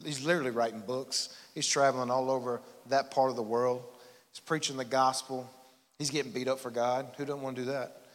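A man's voice: mid-range voice, steady tone, a little fast. A man, preaching a sermon in a folksy, self-deprecating storytelling way. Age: 40s. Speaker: pastor. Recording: long hall reverb in church.

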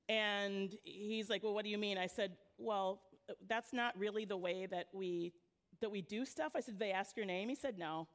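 A woman youth pastor preaches at a church service, with a mid-range voice. Her sermon feels relaxed and conversational, with stories told in an easy, chatty manner. She laughs often as she speaks. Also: mid-range voice, moderate pace. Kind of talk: sermon with storytelling. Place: church sanctuary.

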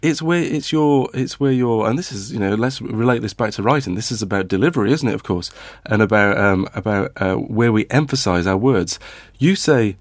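A man co-hosting a podcast in a playful mood, tripping over restarts as he banters. His voice sits on the lower side, and the recording is dry and close. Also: a little fast, few pauses, no room sound. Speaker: podcast co-host. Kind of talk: casual chat.

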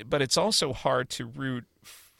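A man's voice: medium pitch, a little slow, creaky, sharp tone, no room sound. A man co-hosting a podcast, chatting casually and reviewing movies with opinionated, rambling talk. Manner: opinionated, rambling with restarts and swearing. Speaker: podcast co-host.

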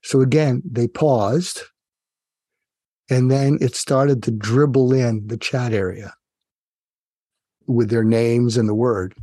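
A man, a psychiatrist guest, telling a story in a lively, engaging way and speaking directly to the host. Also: medium pitch, no room sound, studio quality. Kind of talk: conversational storytelling.

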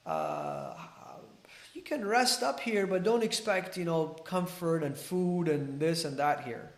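A man's voice: on the high side, sing-song, slow pace, reverberant, heavily acted. A man voicing a poor, blunt old woman who talks in a plain, apologetic way.

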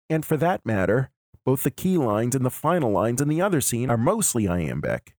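A man hosting a podcast, giving a measured, analytical lecture. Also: mid-range voice, sing-song, a little mellow, a little hiss or hum. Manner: measured, explanatory. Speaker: podcast host.

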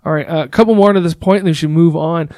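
Brief: male moderator, polite and measured, dry close sound. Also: fairly high pitch, a little mellow, no room sound. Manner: measured, polite, question-asking. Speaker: discussion moderator. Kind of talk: guided discussion questions.

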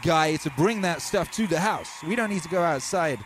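Animated English man chatting on stream. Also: on the high side, normal speed, slight background noise. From England. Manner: animated, slangy, reads chat aloud. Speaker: livestream host. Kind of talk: casual livestream chat.

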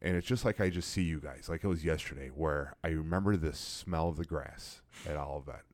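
A man in his forties from the Chicago area, casually reminiscing about his college football days with an old teammate, animated and repeating phrases as he tells stories. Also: a bass voice, brisk, no room sound. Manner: animated storyteller, repeats phrases, many restarts. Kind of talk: casual chat.

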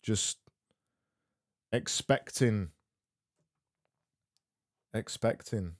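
A man hosting a solo comedy podcast, rambling in a deadpan way and often repeating and restarting his phrases. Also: on the low side, extremely slow, dry recording, studio quality. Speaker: podcast host.

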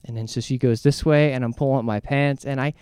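A man co-hosting a podcast, telling a crude story in casual chat with an animated, profane delivery. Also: mid-range voice, quick pace, smooth, dry recording, clean studio sound. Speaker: podcast co-host.

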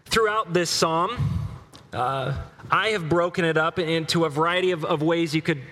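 A middle-aged male preacher giving a sermon, earnestly reading scripture aloud with slow emphasis. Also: a little high, pushed and bright, long reverb tail, a little hiss or hum.

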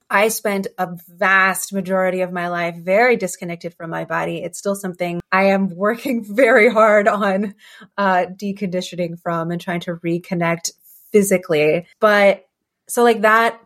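A woman hosting a podcast, reflecting on her own experiences in a casual, personal way and acting out inner voices. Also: medium pitch. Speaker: podcast host.

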